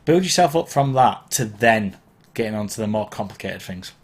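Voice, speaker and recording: A fairly low-pitched, slightly rough male voice with lively intonation speaks at normal speed, hosting a live Q&A stream as a DJ. He's casual and encouraging, chats freely, drifts and corrects himself, and his throat is sore from hay fever. His mic is placed below the camera.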